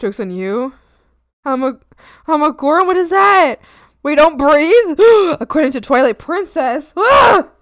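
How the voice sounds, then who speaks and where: Woman art streamer: high, lively voice, goofy banter with chat. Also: unhurried. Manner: playful and silly, with squeals and giggles. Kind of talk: casual chat with stream viewers.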